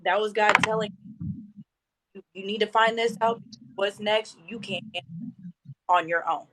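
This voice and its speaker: A woman's voice: medium pitch, steady tone, moderate pace, a bit bright, low-quality recording. A young woman guest telling a personal story in an emotional, conversational way.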